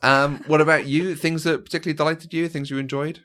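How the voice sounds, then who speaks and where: A man co-hosting a film podcast in casual chat, animated and fond of acting out lines. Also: a little high, fast talker. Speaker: podcast co-host. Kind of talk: casual chat about films.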